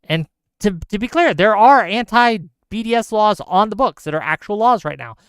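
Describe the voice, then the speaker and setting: A man's voice: high-pitched, animated, normal speed, fairly bright tone, clear, resonant tone, dry recording, studio quality. A man hosting a solo livestream, ranting heatedly about news and reading viewer chat aloud. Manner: reads chat comments aloud. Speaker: host.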